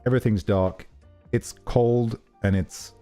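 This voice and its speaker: A man chats casually on a livestream, telling a meandering story with plenty of fillers and restarts. His voice sits low and sounds dark and relaxed. Faint music plays underneath. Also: a little slow. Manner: rambling, storytelling, many fillers. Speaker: streamer.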